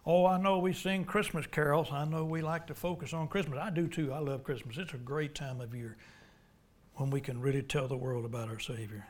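A middle-aged man preaching a sermon as pastor, pleading loudly at times and dropping to a near whisper in prayer. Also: medium pitch, fairly even intonation, fairly quick. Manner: impassioned preaching, swings from loud pleas to whispered prayer.

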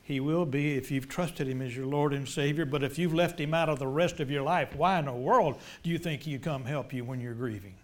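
A middle-aged male preacher delivering a sermon, swinging between loud emphatic lines and quiet, low ones. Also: fairly quick, few pauses.

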